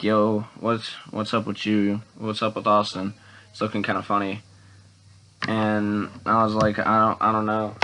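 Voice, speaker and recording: Young male vlogger, low monotone, casual rambling storyteller, faint background hiss. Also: poor audio. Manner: rambling, repeats words and restarts, many "and I'm like".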